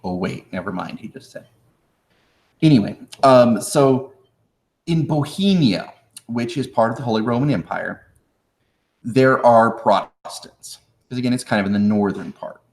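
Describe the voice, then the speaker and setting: A man teaching history with a loose, joking manner, answering viewers in chat and slipping into slangy voices for historical figures. His voice sits at an ordinary pitch. The room around him echoes. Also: animated, a little slow, long pauses. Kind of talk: live-streamed exam review.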